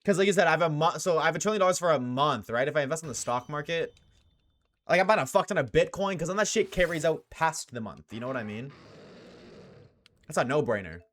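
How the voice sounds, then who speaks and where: A man's voice: a little high, expressive, fast talker, fairly bright tone. A young man live-streaming, chatting casually with his chat, slangy and swearing often.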